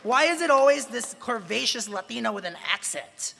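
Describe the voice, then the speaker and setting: A man's voice: extremely high pitch, animated, normal speed, creaky, sharp tone. A man, a journalist, gives a talk to students in a large convention hall. He speaks emphatically and asks many rhetorical questions. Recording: echoey hall with long reverb.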